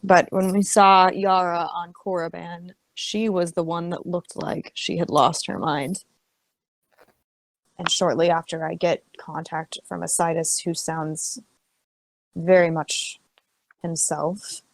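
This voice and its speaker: A woman's voice: fairly low pitch, little pitch movement, slow, dry recording, low-quality recording. A woman player talking in character in a tabletop game, asking questions and often restarting her sentences. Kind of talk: in-character roleplay chat.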